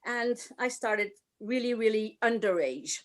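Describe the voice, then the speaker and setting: A woman's voice: on the high side, animated, measured pace. An older woman from France with a French accent, a burlesque performer chatting as a guest on a video call interview.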